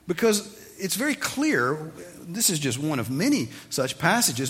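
A man's voice: high voice, a little slow, long reverb tail. A man preaching a sermon as pastor, teaching and asking his listeners emphatic questions. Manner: animated, rising to emphatic questions.

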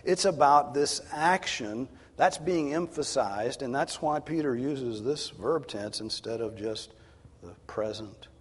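A male pastor preaching a sermon, swinging from hushed tones to loud, emphatic exhortation. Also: medium pitch, unhurried, slightly rough. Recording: long hall reverb.

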